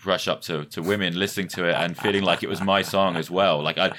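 A man's voice: low-pitched, fairly even intonation, quick pace, pushed and bright. A man co-hosting a casual music chat, enthusiastic and reflective. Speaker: podcast co-host.

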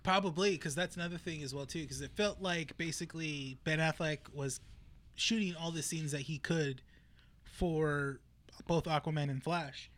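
A man's voice: on the high side, steady tone, normal speed, a bit bright. A man co-hosting a podcast in casual chat, easygoing and agreeable, often saying yeah. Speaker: podcast co-host.

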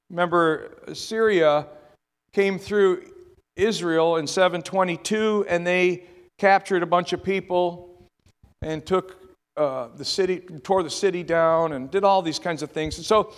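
A man's voice: high-pitched, a bit bright, big-room sound. A male preacher delivering a sermon in a conversational way, repeating words and asking rhetorical questions.

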